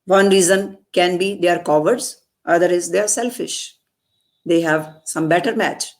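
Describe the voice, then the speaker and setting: A woman reciting a poem and explaining it, repeating lines slowly for emphasis. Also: on the low side. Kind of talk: poetry recitation with commentary.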